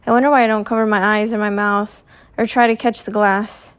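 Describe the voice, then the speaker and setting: A woman reading a first-person novel aloud in a measured, clear storytelling manner. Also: mid-range voice, little pitch movement. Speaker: audiobook reader.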